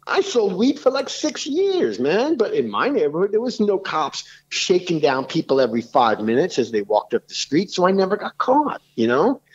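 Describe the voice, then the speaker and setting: A man, talking as a podcast guest in rambling, animated stories full of restarts. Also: high voice, moderate pace, hardly any pauses, muffled recording. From New York City. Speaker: rock singer, podcast guest. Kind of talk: casual podcast conversation.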